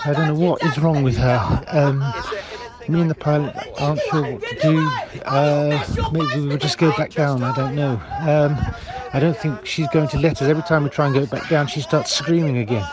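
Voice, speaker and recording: A man leaving flustered, halting voicemails as a balloon ride passenger, full of nervous fillers. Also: fairly high pitch, fairly even intonation, over a noisy crowd. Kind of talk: comic voicemail monologue.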